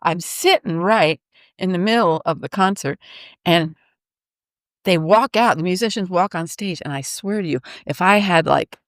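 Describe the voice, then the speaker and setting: A woman's voice: fairly low pitch, moderate pace, no echo, clean studio sound. A woman guest on a podcast, a vocal artist, telling a story animatedly and laughing often between sentences. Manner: lively, laughs often mid-sentence, acts out her own reactions. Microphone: podcast microphone.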